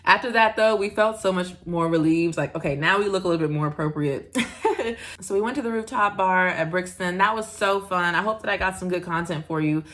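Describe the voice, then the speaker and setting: A woman's voice: on the low side, brisk, fairly bright tone. A young American woman from the United States, narrating a casual travel vlog in a chatty way with frequent fillers and little laughs. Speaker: vlogger.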